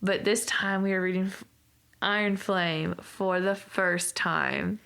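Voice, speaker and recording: A woman's voice: mid-range voice, fairly even intonation, slow pace, vocal fry, fairly bright tone. A young woman co-hosting a book club podcast, chatting casually and gushing with giggles and lots of "like". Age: young adult. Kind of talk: casual chat.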